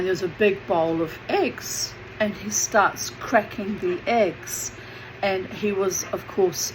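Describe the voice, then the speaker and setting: Aussie lady rambling thru a family story, lots of um and you know, faint background hiss. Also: lowish voice. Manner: chatty, digressive, lots of fillers. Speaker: memoir narrator. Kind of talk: casual storytelling.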